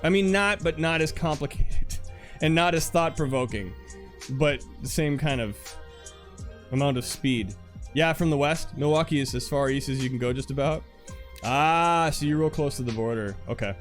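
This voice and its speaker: A man's voice: on the high side, moderate pace, faint music behind. A man chatting casually with viewers on his live stream, laughing often and trailing off mid-sentence before starting over. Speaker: livestreamer.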